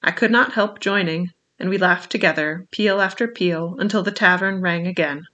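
Bright-voiced man reading a story. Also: sits high, muffled recording. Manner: measured storytelling. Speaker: narrator. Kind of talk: audiobook reading of a classic novel.

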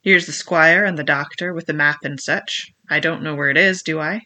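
A reader doing Long John Silver, gruff scheming pirate. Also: mid-range voice, fairly even intonation, moderate pace, bright, forceful tone. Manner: gruff, persuasive, menacing. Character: ruthless scheming old male pirate cook. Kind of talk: audiobook reading.

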